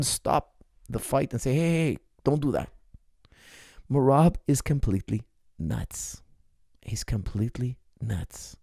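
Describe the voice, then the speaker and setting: Man, fight coach, casual podcast commentary, gravelly voice, dry close sound, emphatic, repeats himself. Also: medium pitch, dry recording. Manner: animated, emphatic, repeats points. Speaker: MMA coach.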